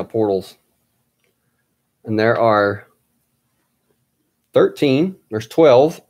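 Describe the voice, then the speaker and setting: Low-voiced guy telling a story, slow and halting, lots of ums. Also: darkish tone. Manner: halting, with many fillers and restarts.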